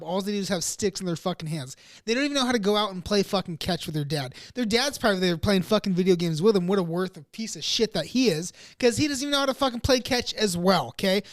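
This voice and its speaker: A man hosting a podcast, launching into crude, mock-aggressive comedic rants full of swearing. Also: high-pitched. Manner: profane, mock-aggressive ranting. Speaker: podcast host.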